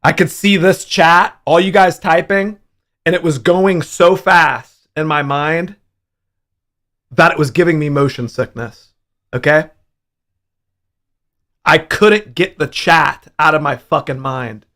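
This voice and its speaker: A young man hosting a casual livestream, telling a profane, animated story about his hangover. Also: fairly high pitch, takes it slowly, pauses often. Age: young adult. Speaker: livestream host.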